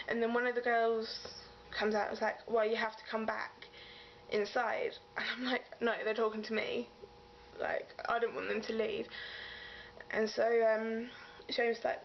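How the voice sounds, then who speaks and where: A woman's voice: on the high side, little pitch movement, normal speed, gravelly. A young woman from England, gushing and rambling as she retells a story in a casual vlog. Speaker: vlogger. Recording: dull lo-fi sound with faint hiss.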